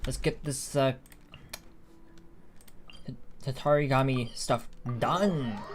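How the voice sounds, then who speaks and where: A man's voice: medium pitch, slow pace, background noise. A man streaming a video game, chatting casually and thinking aloud with frequent restarts and fillers. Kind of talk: casual live-stream chat while gaming.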